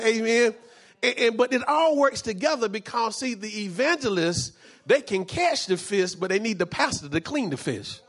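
A man's voice: extremely high pitch, lively intonation, normal speed, a bit bright. A man preaching a sermon as pastor, fervent and repetitive, dropping in frequent amens.

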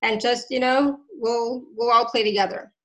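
A woman's voice: on the high side, steady tone, normal speed, fairly bright tone, low-quality recording. A woman hosting a casual online show, effusive and grateful, laughing often as she talks. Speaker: host. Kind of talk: casual chat.

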